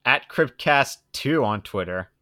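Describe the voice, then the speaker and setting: A man's voice: mid-range voice, expressive, a little slow, sharp tone. A young man co-hosting a podcast in casual chat, rambling and joking with lots of fillers. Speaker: podcast co-host.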